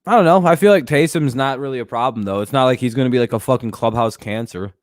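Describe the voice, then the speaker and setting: A man's voice: mid-range voice, quick pace, no echo, studio quality. A man hosting a casual sports talk stream, rambling and joking with plenty of profanity. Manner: frequent fillers and restarts. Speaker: host.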